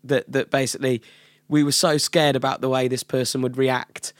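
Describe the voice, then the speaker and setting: A man's voice: mid-range voice, normal speed, dry recording. A man who works as a recording studio engineer, telling stories in casual podcast chat and laughing often. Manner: animated storyteller, laughs often.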